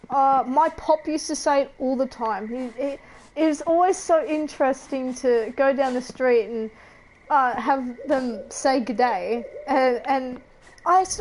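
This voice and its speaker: A woman's voice: high voice, a little mellow, low-quality recording. A young Australian woman casually chatting while she plays a game, giggly and often trailing off into laughter. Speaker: gaming streamer.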